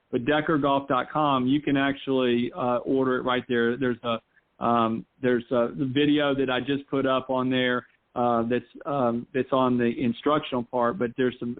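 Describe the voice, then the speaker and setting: A man from North Carolina, a golf instructor guest chatting casually in an interview and rambling with frequent restarts. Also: medium pitch. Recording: tinny phone line.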